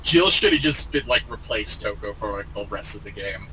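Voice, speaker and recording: An animated man with a bright, forceful voice, recapping a video game with his co-host. His pitch swings widely as he acts out lines, and a faint hum sits behind him. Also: moderate pace, poor audio. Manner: lively, acts out quotes, laughs a lot. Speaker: podcast co-host. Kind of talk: casual gaming chat.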